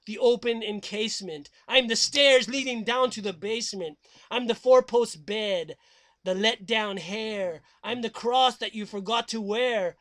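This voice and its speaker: A man voicing a theatrical, menacing male vampire count who declaims slowly and dramatically and cackles. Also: sits high, bright, forceful tone.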